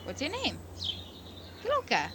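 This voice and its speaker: In a high voice with wildly swooping pitch, a woman streamer slowly reads a visual novel's narration and drifts into casual, earnest commentary, rambling and correcting herself often. The background is noisy.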